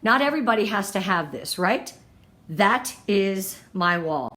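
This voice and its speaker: A woman's voice: mid-range voice, animated, unhurried, pushed and bright. Upbeat woman coaching in an echoey room. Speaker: direct-sales consultant coaching her team. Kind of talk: training talk on giving online party presentations. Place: indoors at home in front of a product display wall.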